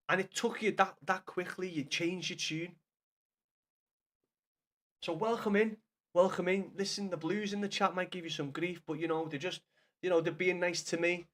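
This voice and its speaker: A man's voice: sits high, normal speed. A man with a Scouse accent, chatting casually to his chat while he streams a game, swearing freely. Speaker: gaming streamer.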